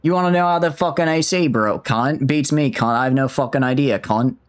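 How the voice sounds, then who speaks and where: Speaking mid-range and brisk with light acting, a man voices a gruff, foul-mouthed male game character. He puts on an exaggerated mock Australian accent and swears constantly.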